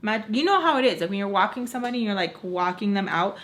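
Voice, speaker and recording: A young woman vlogger telling a casual storytime, rambling along with plenty of "like" fillers and animated retelling. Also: mid-range voice, fast talker.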